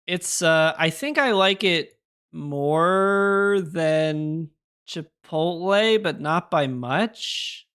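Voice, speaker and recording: A man's voice: a little high, lively intonation, drawn-out words, fairly bright tone, smooth. A young man chatting casually on a live stream, rambling through opinions and answering his chat with little laughs.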